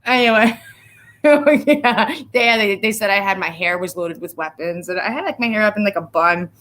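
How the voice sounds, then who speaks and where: A woman's voice: mid-range voice, a little fast, sharp tone. Profane, sarcastic woman ranting on stream. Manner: emotional, tearing up while reading viewers' comments. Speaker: vlogger. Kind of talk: casual live-stream rant.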